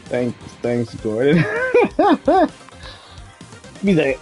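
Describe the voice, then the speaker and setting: A man's voice: medium pitch, sing-song, a little slow, darkish tone, faint music behind. A young adult man streaming a video game, chatting in a laid-back, slangy, joking way. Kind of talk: casual gaming stream chat.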